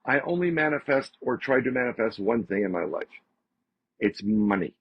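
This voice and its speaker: A man, a podcast guest, telling a story in a casual, animated way and repeating phrases for emphasis. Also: medium pitch, normal speed, breathy edge, no echo. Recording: slightly dull lo-fi audio.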